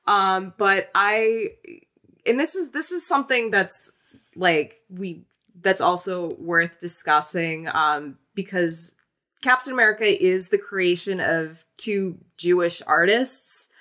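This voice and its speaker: A woman co-hosting a podcast, chatting casually about a film in an animated, rambling way full of restarts. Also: mid-range voice, slow pace. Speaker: podcast co-host. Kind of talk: casual film-review chat.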